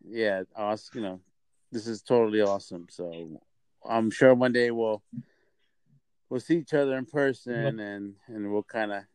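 Halting, clear-voiced man hosting a podcast. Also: lowish voice, darkish tone, no echo. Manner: rambling, halting, repeats himself. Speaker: podcast host. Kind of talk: casual podcast chat.

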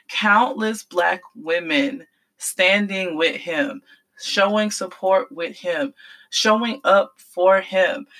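A woman hosts her own commentary podcast and talks straight through on her own. She is emphatic and slangy, leaning hard on repeats and breaking into disbelieving laughs. Her voice sits at a middling pitch. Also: fairly bright tone, rough recording. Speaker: podcast host.

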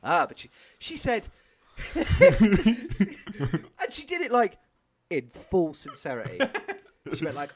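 A man's voice: high voice, huge pitch swings, slow, long pauses, a crowd in the background. A man co-hosting a podcast, telling a rambling story with lots of swearing and laughter. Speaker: podcast co-host. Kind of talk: casual chat.

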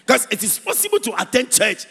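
A man's voice: extremely high pitch, sing-song, brisk, gravelly, pushed and bright, husky. A man from Ghana preaching a sermon in a church, emphatic, repeating key words and singing out phrases. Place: church hall. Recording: echoey church hall with long reverb.

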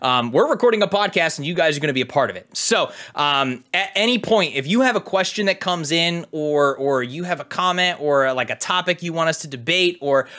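A man's voice: on the high side, animated, a little fast, hardly any pauses, bright, forceful tone. A young man co-hosting a livestreamed podcast, telling stories in a casual, rambling way with lots of fillers. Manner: rambling, filler-heavy storytelling. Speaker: podcast co-host.

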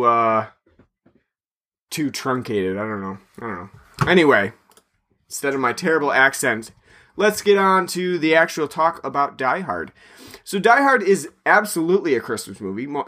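A man's voice: mid-range voice, pushed and bright. A man co-hosting a podcast, talking casually in a chatty, meandering way. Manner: chatty and meandering, plugs the show. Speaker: podcast co-host.

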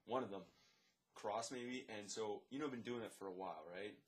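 A man who works as a lifeguard and swim instructor, telling a story in casual chat, animated, swearing, and acting out the dialogue. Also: on the low side, a little fast. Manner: animated, swears, many fillers; acts out dialogue, drops to a whisper.

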